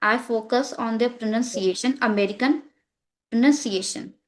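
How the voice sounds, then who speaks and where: Earnest woman, slightly high voice. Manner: halting, many fillers and restarts, earnest. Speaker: English learner interviewed about her practice. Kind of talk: casual conversational chat.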